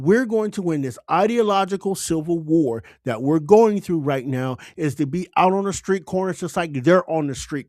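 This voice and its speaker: A man's voice: fairly high pitch, darkish tone, dry recording, studio quality. A man giving an impassioned political monologue as a commentator, exhorting listeners with fervent, urgent appeals.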